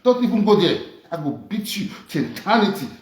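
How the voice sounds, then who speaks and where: A woman's voice: mid-range voice, big pitch swings, a little fast, a little mellow, roomy sound. A Nigerian woman vlogger speaking Nigerian Pidgin English in a combative, mocking rant full of repeated taunts. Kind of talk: ranting monologue.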